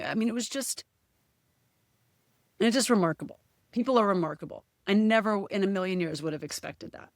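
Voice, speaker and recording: A woman's voice: mid-range voice, no echo. Candid woman guest, dry close sound. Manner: emotional, candid, quick to quote others. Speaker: podcast guest. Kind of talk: casual chat. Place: podcast studio.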